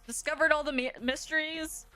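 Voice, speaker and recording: Brief: young female streamer, high voice, dramatic reactions. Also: fairly even intonation, normal speed. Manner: chatty, laughing asides, dramatic reactions. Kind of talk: game playthrough commentary. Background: soft game music.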